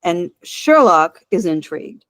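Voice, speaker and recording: A woman's voice: on the low side, very animated, measured pace, dry recording. A woman co-hosting a podcast, retelling a TV episode in casual chat and laughing often. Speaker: podcast co-host.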